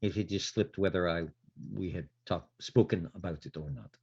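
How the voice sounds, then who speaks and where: A man's voice: sits low, moderate pace, a little mellow, slightly rough. A man playing a tabletop game, playful and humming to himself as he talks. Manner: playful, hums and sings to himself. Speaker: player. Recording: dull lo-fi stream audio.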